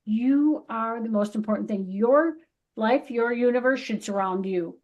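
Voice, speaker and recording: On a lo-fi recording, a middle-aged podcast co-host speaks a little slowly in a slightly high, slightly mellow voice. Her casual spiritual pep talk is emphatic, laced with swearing, and she acts out quotes in other people's voices.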